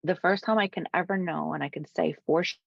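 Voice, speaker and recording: A woman guest, a spiritual coach, telling a heartfelt personal story in an interview, dropping to soft whispers at times. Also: fairly low pitch, steady tone, fast, creaky, no echo, lo-fi sound. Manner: earnest, drops to soft whispers for quoted moments.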